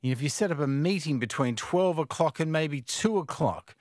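A man's voice: fairly high pitch, lively intonation, normal speed, dry recording. An Australian man hosting breakfast radio in a studio, chatting casually, laughing easily and tripping over his words now and then. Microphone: studio microphone.

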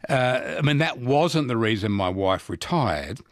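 A man's voice: medium pitch, lively intonation, measured pace, no room sound, studio quality. A man in his sixties with an Australian accent, hosting a casual talkback radio quiz and chat, laughing often and restarting his sentences. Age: 60s.

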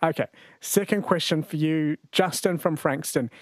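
Aussie radio guy running a quiz, bit high voice, dead dry studio. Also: normal speed, dry recording. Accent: Australian. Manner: chatty and jokey, laughs often. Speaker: radio host. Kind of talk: casual radio chat and quiz. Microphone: studio mic.

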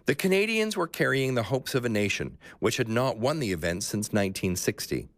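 A man hosting a radio sports documentary, narrating the story in a measured way and asking interview questions. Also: medium pitch, big pitch swings, no echo, studio quality.

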